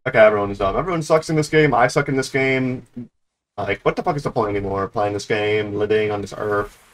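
A man giving live gameplay commentary, excitable and trash-talking, who swears a lot, rants about the game and breaks into sudden high yelps. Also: fairly quick. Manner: grumbling, ranting complaints. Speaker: gaming YouTuber.

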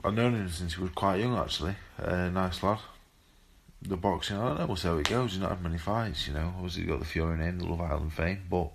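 A man's voice: low-pitched, fast talker, creaky, a little hiss or hum. A man, a boxer, telling a rambling, sweary story in a laid-back, casual way. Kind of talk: casual storytelling to phone camera.

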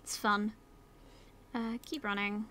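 A woman's voice: medium pitch, flat delivery, slow, bright, forceful tone, slight background noise. A young British woman chatting through a life-sim game as a YouTuber, giving her characters orders, slipping into whispers and silly voices, swearing casually. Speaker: gaming YouTuber. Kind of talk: casual let's-play commentary.

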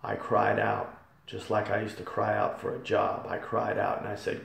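Gravelly man giving a church testimony. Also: fairly low pitch, moderate pace. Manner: fervent, repetitive, swells loud on key phrases. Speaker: testimony speaker. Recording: echoey hall from far off.

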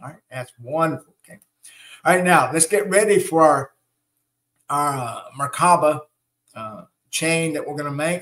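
A man leading a spiritual ceremony, explaining slides and then guiding a breathing meditation with calm, gentle instructions and frequent check-ins. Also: on the high side, moderate pace.

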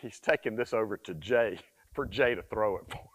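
A man in his sixties, a dog trainer, explaining hush training in a folksy, repetitive way and giving his dog firm commands. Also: on the low side, a little fast. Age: 60s. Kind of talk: casual instructional vlog.

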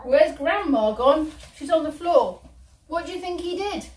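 A woman who works as a childminder, telling stories and chatting playfully with small children in an animated voice. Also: measured pace, a little hiss or hum. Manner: animated, playful, high-pitched talk to toddlers. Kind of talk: storytelling and chat with small children. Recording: roomy room, from the mic.

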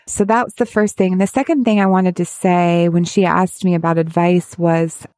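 A woman speaking as a parent of a child with addiction, giving candid advice in a halting, heartfelt way with many restarts. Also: fairly low pitch, fairly even intonation, a little mellow, no echo. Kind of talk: candid personal advice talk.

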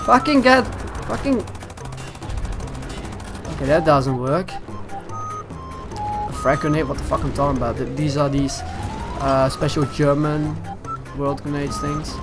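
A young man commentating his gameplay, excitable, shouting and swearing at the game. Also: a little high, unhurried, long pauses, music in the background. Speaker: gaming channel host.

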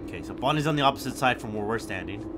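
A young man giving gameplay commentary, swinging from hushed muttering to loud, sweary shouting. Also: medium pitch, animated, racing, heavy background noise. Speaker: gaming YouTuber.

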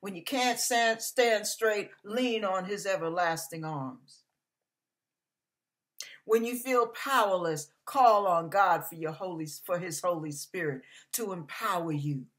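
A woman with a lowish voice, speaking a little slowly, delivers an emotional devotional sermon. She is fervent and emphatic, at times tearful.

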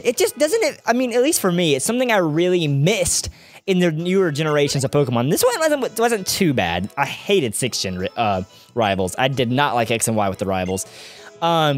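A young man doing let's-play commentary, chatty and rambling, often drifting off on tangents. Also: sits high. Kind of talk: video game commentary.

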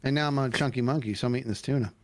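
A man chatting excitedly as a guest co-player on a stream, telling stories with lots of "dude". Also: mid-range voice, rapid-fire, no room sound. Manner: animated storyteller, bouncy, says dude a lot. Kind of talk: casual gaming chat.

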